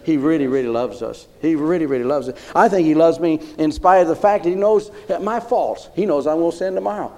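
A male pastor preaching a sermon, repeating phrases emphatically and rising into loud declarations. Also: a little high, quick pace, few pauses.

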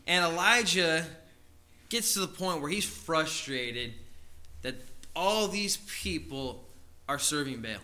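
A man's voice: on the high side, animated, a little slow, bright, forceful tone. A male preacher retelling a scripture story in a conversational sermon, with frequent asides to his listeners.

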